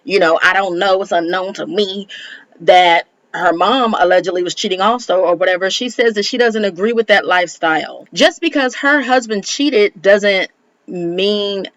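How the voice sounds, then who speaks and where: A woman reviewing reality TV in a chatty, sassy recap, often jumping up high for exclamations. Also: normal speed, fairly bright tone, no room sound, dull audio. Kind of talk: casual gossip recap commentary.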